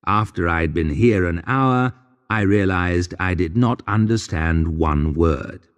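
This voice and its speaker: A man reading a humorous graded-reader story aloud in a dry, wry, deadpan narration. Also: low voice, slow pace, smooth, in a large hall. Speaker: audiobook narrator.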